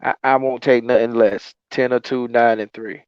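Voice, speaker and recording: A man with a smooth, clear voice co-hosting a casual sports chat in a calm, measured way. His mic sounds dry and a bit muffled, as if recorded close in a dead room. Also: mid-range voice, no echo.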